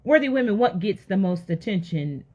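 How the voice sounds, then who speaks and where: A woman's voice: medium pitch, lively intonation, normal speed, dark tone, husky, muffled recording. A woman giving an emphatic, conversational faith talk to women, repeating words for emphasis and speaking straight to her listeners. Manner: emphatic, repetitive, addresses audience directly.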